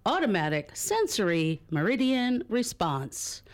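A woman's voice: medium pitch, big pitch swings, measured pace. A woman co-hosting a radio show, reading from notes with many fillers and giggles. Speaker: radio co-host. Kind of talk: casual radio chat.

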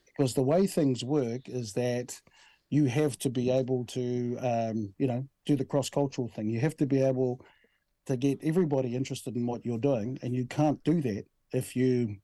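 A man's voice: medium pitch, fairly even intonation, normal speed, warm tone, no echo. A man in his sixties with a New Zealand accent, the head of a language commission, telling stories in an easygoing interview. He often restarts his sentences and drops in "bro" and "right?". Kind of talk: relaxed conversational interview.

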